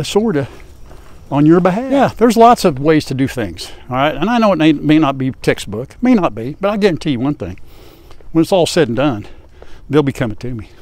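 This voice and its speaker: A man's voice: on the high side, darkish tone, no echo. An older man hosting a farm vlog outdoors, chatting in a folksy, wry way to viewers. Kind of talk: casual vlog to camera. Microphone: lapel.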